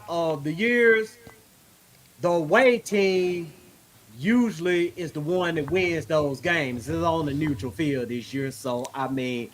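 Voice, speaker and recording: A man, talking slowly in a high, bright, forceful voice. He co-hosts a sports podcast in a casual, profane way. He drops "man" at the end of nearly every line. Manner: laid-back, profane, says "man" constantly. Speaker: podcast co-host.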